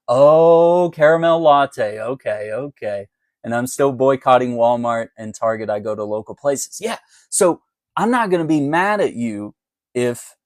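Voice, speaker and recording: Male commentator for a casual livestream chat, loose and laughing, mid pitch, dry close recording. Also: no room sound. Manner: chatty and conversational, laughs often. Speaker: political commentator.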